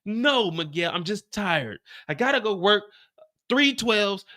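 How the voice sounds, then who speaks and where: A man putting on a shrill, snappy young woman. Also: expressive, a little slow, bright, forceful tone, heavily acted. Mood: defensive. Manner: shrill, exasperated.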